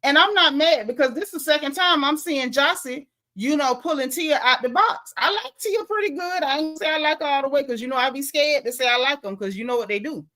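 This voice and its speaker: High-voiced woman gossiping through a recap. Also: brisk, hardly any pauses, bright, forceful tone. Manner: chatty and gossipy, acting out cast quotes. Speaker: reality TV recap host. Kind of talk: casual show recap commentary.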